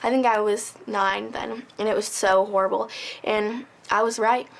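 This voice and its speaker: A woman's voice: medium pitch, steady tone, moderate pace, vocal fry. A woman telling her personal story in an interview, earnest and emotional, acting out past conversations. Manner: earnest, emotional, tells stories with quoted dialogue. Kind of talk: personal testimony.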